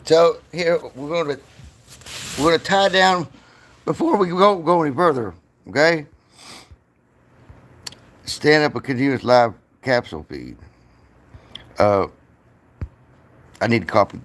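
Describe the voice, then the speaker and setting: A man hosting his channel, talking to himself in a halting, casual way while he works at a computer. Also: mid-range voice. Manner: halting, talks to himself as he clicks. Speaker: channel host working at a computer. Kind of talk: casual thinking aloud while working.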